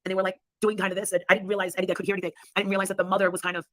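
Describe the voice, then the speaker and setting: A woman's voice: mid-range voice, little pitch movement, very fast, no echo. A woman hosting a casual livestream chat, blunt and swearing freely, often laughing. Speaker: livestream host.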